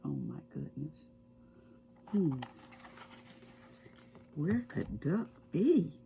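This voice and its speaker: A woman's voice: sits low, slight background noise. A woman reading a picture book aloud to preschoolers, explaining words and asking the children questions as she goes. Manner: expressive, slow and explaining to children. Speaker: children's storytime reader.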